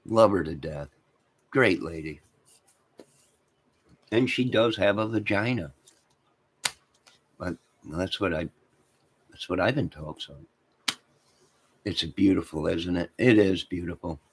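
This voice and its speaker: A man's voice: low voice, slow, pauses often, a little hiss or hum. A man hosting a livestream, rambling crudely and talking to his chat viewers. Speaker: livestream host.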